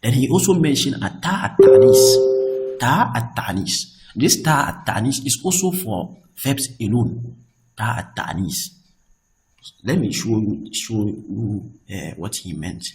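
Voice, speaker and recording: A man's voice: mid-range voice, expressive, unhurried, darkish tone, rough recording. A man teaching Arabic grammar in English. He patiently repeats each example and often checks that his students understand. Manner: reads Arabic examples between English explanations. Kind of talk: explaining a lesson.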